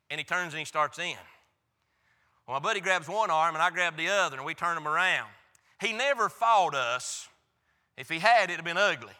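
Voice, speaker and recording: A man's voice: sits high, fast talker, pushed and bright, big-room sound. A pastor preaching a sermon, telling a folksy, emphatic story from his own life. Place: church.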